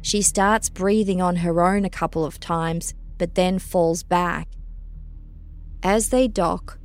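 A woman reading a scripted true-crime story in a measured, even storytelling manner. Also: on the low side, a little hiss or hum. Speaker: narrator. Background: faint music.

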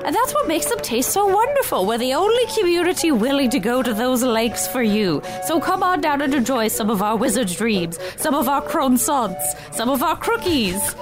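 A woman's voice: sing-song, normal speed, hardly any pauses. Woman voicing a crone baker, older, playful, evasive, lilting, music underneath. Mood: chirpy sales pitch. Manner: chirpy sales pitch, playful and evasive. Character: cheerful old female crone baker, faintly sinister. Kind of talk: improvised comedy role-play.

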